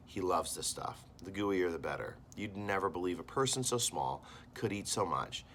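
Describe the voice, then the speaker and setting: An American man, a teacher, reads a novel aloud to his class and stops to talk about it, acting out the characters' lines with lively swings in his voice. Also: moderate pace, a little hiss or hum. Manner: animated reading, voicing characters with big jumps in pitch.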